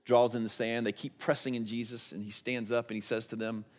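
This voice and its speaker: A male pastor preaching a sermon in a conversational way, asking rhetorical questions and moving between emphatic and hushed delivery. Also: mid-range voice, level tone, brisk.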